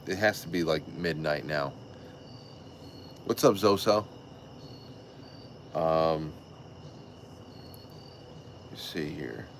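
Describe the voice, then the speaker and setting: A man hosting a casual livestream, telling a rambling, excitable story with restarts and swearing. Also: extremely low pitch, drawn-out words, vocal fry, pauses often, a little hiss or hum. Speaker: show host.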